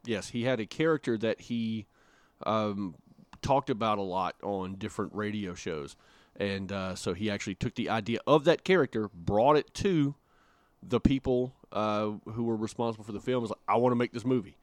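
A man with a fairly low voice co-hosts a podcast, chatting casually and cracking jokes. He talks loosely with plenty of filler words, and the recording is dry and close. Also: moderate pace, no room sound. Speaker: podcast co-host.

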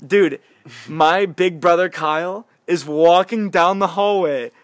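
A young man chatting casually on a podcast, telling a story in an animated way, laughing and swearing freely. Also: sits high, slow, no echo, studio quality.

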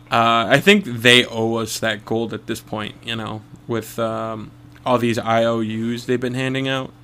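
Young male podcast co-host, rambling, profane storyteller, mid-pitched voice. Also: fairly even intonation, takes it slowly, gravelly, bright, forceful tone. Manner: rambling storyteller, swears a lot, laughs often. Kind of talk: casual podcast chat.

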